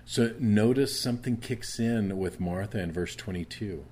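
A man's voice: lowish voice, expressive, normal speed, darkish tone, breathy edge. A man preaching a conversational sermon, reading scripture aloud and explaining it. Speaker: pastor.

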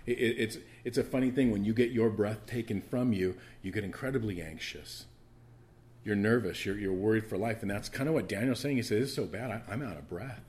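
Male pastor, lower register, conversational sermon with big swings in volume and stammered restarts. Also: brisk. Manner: swings from quiet, low asides to loud emphatic preaching.

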